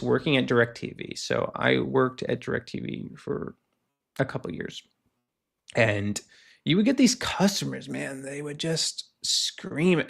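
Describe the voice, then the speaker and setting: A man hosting a casual solo show, ranting and telling work stories in an animated way, acting out the people he quotes. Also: medium pitch, gravelly. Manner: animated storytelling, acts out quoted callers. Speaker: podcast host. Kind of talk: casual solo rant, reading posts aloud.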